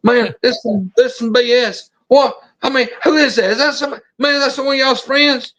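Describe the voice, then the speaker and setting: A man doing a panicky, high-voiced friend, frantic and suspicious, in a told story. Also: fairly bright tone. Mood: panicked. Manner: frantic, rapid questioning. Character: panicky frightened man, suspecting a prank.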